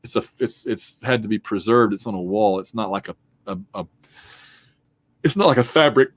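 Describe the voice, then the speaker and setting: A man's voice: lowish voice, moderate pace, no echo. A man giving a chatty, informal history lecture from his home basement, with asides and jokes, yawning and hiccuping now and then. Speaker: history instructor. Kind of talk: recorded online lecture.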